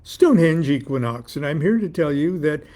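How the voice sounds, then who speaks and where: A man's voice: a little high, expressive, moderate pace, mellow, natural voice. A man doing a smug, cryptic secret master. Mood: brisk, smug. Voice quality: phony European accent at first, later plain. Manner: cryptic, mocking, pompous. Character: mysterious male secret master, smug and teasing.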